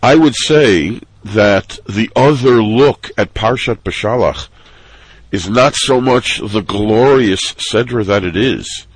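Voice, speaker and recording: Slow husky rabbi guy preaching a sermon, earnest, dry close sound. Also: fairly low pitch, no room sound, rough recording. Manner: measured, earnest, rising with emphasis on quoted complaints. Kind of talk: sermon on the weekly Torah portion.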